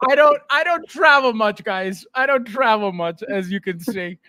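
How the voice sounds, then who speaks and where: A man's voice: high-pitched, animated, moderate pace, few pauses, pushed and bright, no room sound. A man hosting a casual livestream, greeting viewers by name and laughing often. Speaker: podcast host.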